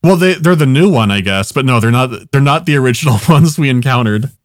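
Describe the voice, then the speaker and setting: A young man with an ordinary mid-pitched voice tells a rambling anecdote in casual chat, full of fillers and frequent swearing, and laughs at his own story. His delivery is animated and brisk, recorded close and dry with no room sound or echo.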